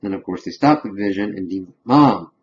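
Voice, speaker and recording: A man's voice: deep voice, fast talker, darkish tone, highs cut off. A man casually recapping a TV episode as a reviewer, rambling along with lots of "of course" and "kind of".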